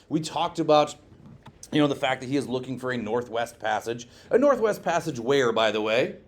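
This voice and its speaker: A man teaching a history class in a classroom. His delivery is lively and joking, and he keeps quizzing the students and checking in with "okay?" His pitch sits mid-range for a man. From Scotland. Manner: lively, joking, asks the class questions and adds "okay?" often. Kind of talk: classroom lecture.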